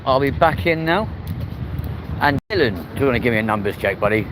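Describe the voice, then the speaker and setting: A man's voice: mid-range voice, animated, brisk. Chatty man streaming outdoors. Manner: chatty, blunt, swears freely. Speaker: live-streaming vlogger. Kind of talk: casual walking live stream. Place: outdoors walking through a city park. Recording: loud outdoor wind and street noise. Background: wind and traffic noise.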